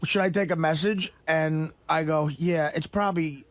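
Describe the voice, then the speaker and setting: A man's voice: on the high side, steady tone, normal speed, no echo. A man on a radio talk show, telling a rambling, profane story and laughing through it. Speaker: regular guest comedian telling a story.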